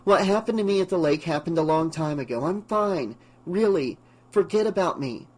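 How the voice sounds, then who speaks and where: A man voicing an energetic, slightly nervous nineteen-year-old woman in an audiobook. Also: fairly high pitch, moderate pace.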